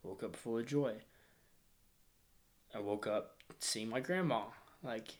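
A man in his thirties from Arkansas with a slight Arkansas accent, recounting his childhood grief in an interview, close to tears and dropping to near-whispers. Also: mid-range voice. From Northwest Arkansas, US. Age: 30s. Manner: reflective, slows and softens into near-whispers when emotional. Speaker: guest. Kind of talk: emotional personal interview.

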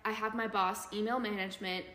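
A young woman co-hosts a podcast, telling a story in casual, chatty talk full of "like" fillers. Her medium-pitched voice is fairly quick, sharp and fairly even in intonation, recorded in an echoey room with long reverb.

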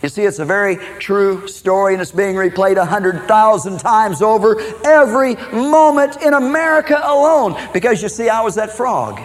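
A man's voice: high-pitched, animated, moderate pace, few pauses. A middle-aged man from Minnesota preaching his own life story as a sermon, folksy and dramatic, often adding "man" and "okay". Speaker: preacher giving his testimony. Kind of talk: sermon testimony.

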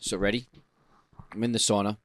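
Guy with a lowish voice pumping everyone up, dry studio sound. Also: flat delivery, brisk, fairly bright tone, no room sound. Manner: upbeat, preachy and motivational. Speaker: podcast co-host. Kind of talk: casual chat.

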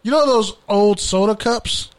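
A man hosting a sports podcast in a fairly high voice, talking casually. He rants and cracks jokes, swearing freely as he goes. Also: measured pace. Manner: profane, joking rants. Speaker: podcast co-host.

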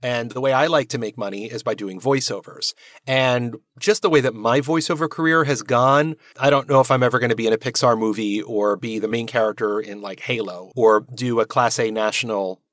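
A man's voice: mid-range voice, fairly even intonation, fairly quick, fairly bright tone, no room sound, studio quality. A man with an American accent, a working voice actor talking candidly and self-deprecatingly in a casual interview. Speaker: voice actor guest.

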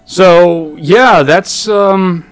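A young man co-hosting a podcast, telling a long story in a rambling, profane, animated way. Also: high voice, extremely slow, clear, resonant tone, faint music behind. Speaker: podcast co-host.

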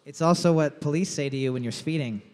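A man hosting a live trivia night in a brewery, loud and jokey, swearing freely and reading each question twice. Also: fairly high pitch, quick pace. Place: large brewery room with live crowd. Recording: long echo in a big room.

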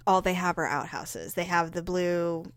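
A woman's voice: on the low side, moderate pace, no echo, clean studio sound. A middle-aged woman telling a long family story in casual chat, acting out quoted voices. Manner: animated, acts out quoted voices with big jumps up.

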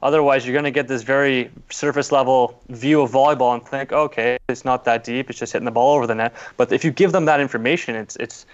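A man guesting on a casual sports chat, speaking calmly and agreeably. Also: medium pitch, quick pace, hardly any pauses. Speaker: podcast guest. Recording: slightly muffled sound.

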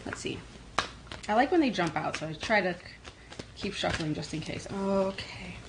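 A woman from New York with a New York accent, hosting a casual tarot livestream and answering comments in a quick, energetic way. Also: lowish voice, creaky, noisy background. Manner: fast-talking, energetic, reads comments aloud. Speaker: livestream host doing tarot readings.

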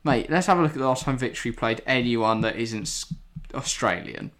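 A man's voice: medium pitch, fairly quick, fairly bright tone. A man co-hosting a podcast, arguing insistently about football in casual chat and reading out stats as he goes. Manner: argumentative, insistent, reads stats aloud. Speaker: podcast co-host.

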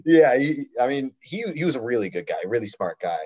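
A man's voice: mid-range voice, sing-song, a little fast, a little mellow, breathy edge. Young male podcast co-host, rambling casual talker, slightly muffled lo-fi recording. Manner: rambling, lots of fillers and restarts. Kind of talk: casual chat.

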